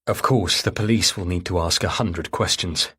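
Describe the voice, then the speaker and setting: A man reading a thriller audiobook in third person, with a somewhat low, husky voice. His delivery is measured and grave throughout. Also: sharp tone. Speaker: audiobook narrator.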